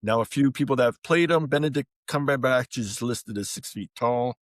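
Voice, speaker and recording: Male podcast co-host, plain mid voice, factual and relaxed, dry sound. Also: mid-range voice, moderate pace, no echo. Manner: matter-of-fact, reads out facts. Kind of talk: casual chat.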